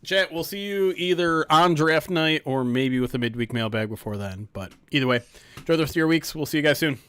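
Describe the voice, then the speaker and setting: A man co-hosting a sports podcast, relaxed and dry, signing off to the live chat. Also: fairly high pitch, a little fast, clear, resonant tone. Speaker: podcast co-host. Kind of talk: casual podcast banter.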